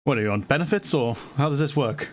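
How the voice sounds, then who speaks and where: A man's voice: mid-range voice, animated, quick pace. Guy at a tabletop game, scheming, laughs a lot, middle voice. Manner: scheming, laughs often, restarts mid-sentence. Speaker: player. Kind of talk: playing a tabletop game, casual chat.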